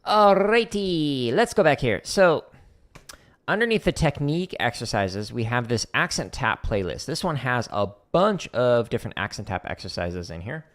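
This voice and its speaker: A man hosting a drum practice livestream, explaining patterns in a loose, conversational way. His voice sits at a middle pitch, and he talks through each exercise while he demonstrates it. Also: very animated, moderate pace, fairly bright tone. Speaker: drum teacher streaming practice. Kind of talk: casual livestream instruction.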